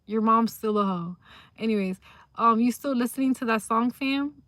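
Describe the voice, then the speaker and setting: A young woman streaming live from her phone, reading comments aloud and rambling in a slangy, casual way. She drifts between mumbled asides and sudden loud outbursts. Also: on the high side, normal speed, no room sound. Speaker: livestreamer.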